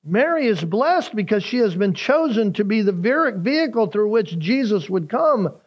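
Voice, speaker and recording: A man's voice: high-pitched, sing-song, normal speed. A man preaching a sermon as a pastor, earnest and building emphasis as he explains scripture, with small repeats and restarts.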